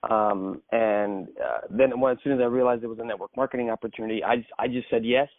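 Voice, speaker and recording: A man's voice: mid-range voice, fairly even intonation, fast, no echo. A man introducing himself as a guest on a coaching conference call, speaking earnestly with frequent ums and restarts. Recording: phone line.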